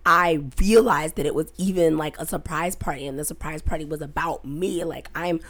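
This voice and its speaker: A young woman telling a story on a casual podcast, animated, dropping into whispers when she quotes herself. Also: deep voice, moderate pace. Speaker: podcast co-host.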